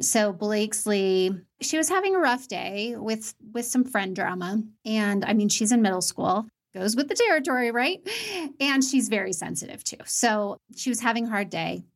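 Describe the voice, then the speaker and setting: A woman's voice: mid-range voice, gravelly. A woman hosting a casual conversation, telling a personal story in an earnest way. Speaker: podcast host.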